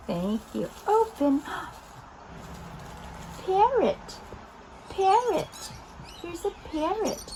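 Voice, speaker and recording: A woman hosting an interactive lesson for toddlers, talking directly to small children in an animated, coaxing way. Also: a little high, background noise. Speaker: children's video host.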